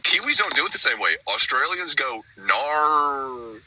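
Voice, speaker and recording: A man telling a funny story in casual chat, animated and swearing freely. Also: fairly high pitch, fairly quick. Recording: clear background noise.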